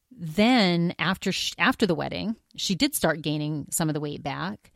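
A woman hosts a podcast in a loose, rambling monologue, full of restarts and animated asides. Her voice sits a little low. The recording is dry and close, with no room sound. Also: normal speed, gravelly, no room sound. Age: older than college age. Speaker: podcast host.

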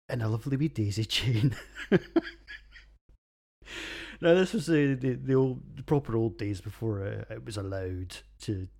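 A man's voice: mid-range voice, vocal fry, darkish tone. A man in his forties hosting a solo beer podcast, rambling crudely and breaking into fits of giggling. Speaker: podcast host reviewing beers.

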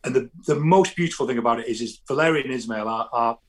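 A man, a football fan guest telling animated stories in casual chat, often restarting his sentences. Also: medium pitch, quick pace. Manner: animated storytelling, frequent restarts.

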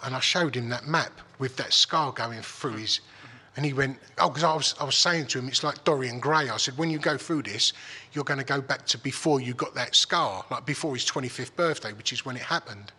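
A man's voice: medium pitch, brisk, hardly any pauses, sharp tone, breathy edge. A man telling a story in casual chat, swearing freely and restarting his sentences. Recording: long hall reverb.

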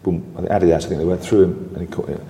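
A deep, dark-voiced older man, a former footballer appearing as an interview guest, tells anecdotes very fast. He chuckles and restarts often as an animated storyteller, and the recording has a roomy, reverberant sound.

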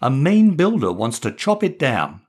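A stubborn little boy with a high, pleading voice and big swings in pitch, as a man puts him on. He wails and insists, like a child in a storybook read aloud. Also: huge pitch swings, a little slow, breathy edge, full character voice. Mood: eager. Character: young boy, tearful and stubborn.

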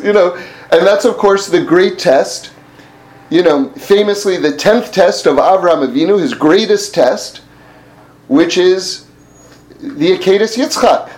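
Man, high voice, animated Torah teacher, chuckles, restarts phrases. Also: a little slow, rough recording. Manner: animated, laughing, repeats words while thinking. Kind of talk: informal Torah class.

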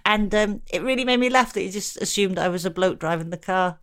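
A middle-aged woman talks in a relaxed, chatty podcast manner. She tells stories against herself and breaks into laughter often. Her pitch sits in an ordinary middle range. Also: fairly quick. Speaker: podcast co-host. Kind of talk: casual chat.

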